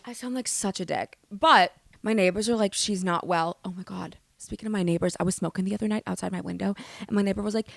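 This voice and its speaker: A woman's voice: mid-range voice, fast talker, creaky, no room sound. A young woman hosting a comedic solo podcast, rambling animatedly, swearing and poking fun at herself. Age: young adult. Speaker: podcast host.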